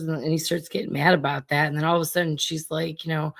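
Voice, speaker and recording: Sit low in the voice with some gravel; retell the exchange and play both sides of the quotes. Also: female voice, quick pace, few pauses, fairly bright tone. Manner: retells the tape, acting out the quotes. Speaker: podcast host. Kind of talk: commentary on archival tape.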